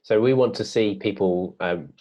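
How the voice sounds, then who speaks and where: A man co-presenting a children's writing lesson in a relaxed, encouraging way, with hesitations. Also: on the low side, moderate pace. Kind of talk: classroom lesson video.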